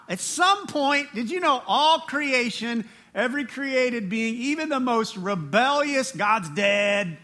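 A man preaching a sermon as pastor, animated, with laughing asides and rising emphasis. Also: very high-pitched, takes it slowly.

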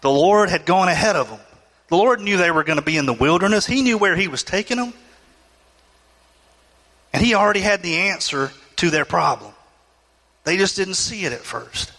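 Bright-voiced male preacher in a reverberant hall. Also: sits high, expressive, normal speed, long pauses. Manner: acts out complaining voices, rising emotional pleas. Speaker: pastor. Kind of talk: sermon.

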